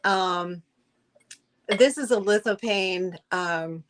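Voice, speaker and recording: A woman's voice: mid-range voice, very slow. A middle-aged woman hosting a live-stream sale, chatting effusively with viewers, with many fillers and restarts. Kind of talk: live-stream selling chat.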